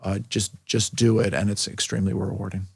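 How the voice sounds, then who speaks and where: A middle-aged man, a medical school dean and liver doctor, speaking thoughtfully in a casual interview with many pauses and restarts. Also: on the low side, little pitch movement, creaky, breathy edge, no room sound, studio quality. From New York City.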